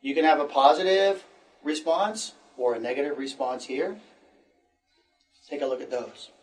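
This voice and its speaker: A man teaches a recorded English lesson, modeling replies and repeating phrases slowly. His voice sits a little high and is picked up from a short distance away from the mic. His tone stays encouraging throughout. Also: soft background music.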